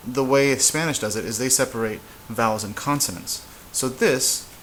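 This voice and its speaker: A man teaching a casual whiteboard lesson, relaxed and halting, with frequent fillers and restarts. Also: mid-range voice, a little hiss or hum, low-quality recording. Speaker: Spanish teacher.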